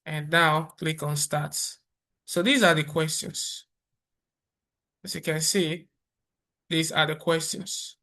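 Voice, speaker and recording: A man presenting a software tutorial over a screen recording, explaining step by step in a relaxed way with fillers and restarts. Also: on the high side, slow, long pauses.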